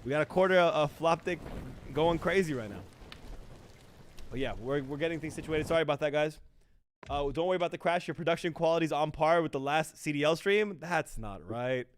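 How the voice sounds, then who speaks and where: A man casting an esports match on a livestream in a relaxed, chatty way, talking to his chat. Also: a little high, brisk, a little hiss or hum. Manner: laid-back, chatty, apologetic about the stream. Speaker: esports caster. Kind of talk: casual livestream commentary.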